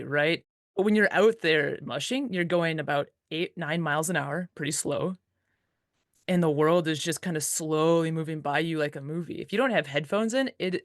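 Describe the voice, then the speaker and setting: A woman dog musher as an interview guest, telling stories in a relaxed, casual way with lots of "like" fillers and easy laughs. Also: low-pitched, moderate pace, no echo, clean studio sound.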